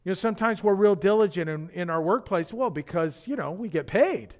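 A man's voice: high voice, lively intonation, fairly quick. A man, the senior pastor, preaching a conversational sermon full of fillers and restarts.

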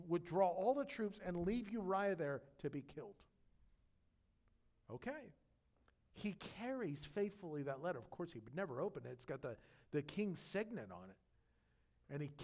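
Male pastor, fairly high voice, animated sermon delivery, loud bursts and hushed stretches. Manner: animated storytelling, swings between loud emphasis and quiet intensity.

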